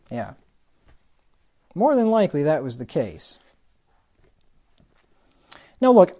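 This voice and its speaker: A man's voice: a little high, warm tone. A man preaching a sermon, asking rhetorical questions and acting out the words of the people he describes.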